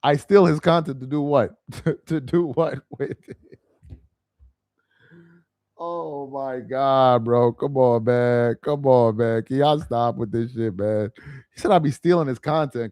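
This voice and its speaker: A man's voice: mid-range voice, measured pace, a little mellow, no echo, clean studio sound. A young man hosting a casual livestream, reading chat aloud with slangy, incredulous banter and frequent laughter.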